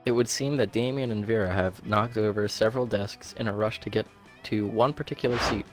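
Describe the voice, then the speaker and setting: A man's voice: on the low side, fairly quick, soft background music. A man reading game text aloud on a live stream with casual banter. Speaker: streamer playing a dating game.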